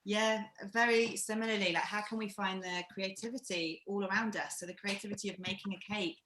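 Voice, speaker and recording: A woman from England leading a live-streamed acting workshop, talking in an encouraging, reflective way with animated emphasis. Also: mid-range voice, fairly quick, roomy sound, a little hiss or hum, low-quality recording. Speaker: workshop leader.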